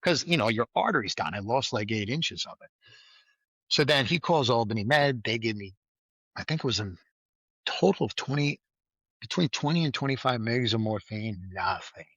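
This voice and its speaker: Guest spot: male ex-trooper storyteller, vivid and animated, bright tone, dry close mic. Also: medium pitch, normal speed, husky, dry recording, rough recording. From New York. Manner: vivid, animated retelling with acted-out quotes. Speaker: guest, former state trooper. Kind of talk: storytelling in a casual interview.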